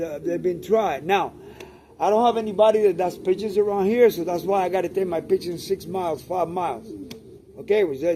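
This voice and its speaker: A man's voice: high voice, mellow, a little hiss or hum. An older man from Cuba, a pigeon breeder talking casually to camera, emphatic and repetitive, often tagging "okay?" onto his points.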